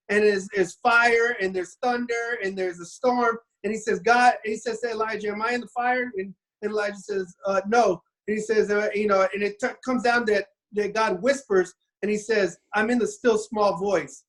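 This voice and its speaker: A man's voice: high-pitched, fairly even intonation, normal speed, few pauses, fairly bright tone. A man retelling a Bible story in a loose, casual podcast chat. He rambles and stumbles over his words, restarting sentences as he goes. He acts out the characters' lines in little quoted voices.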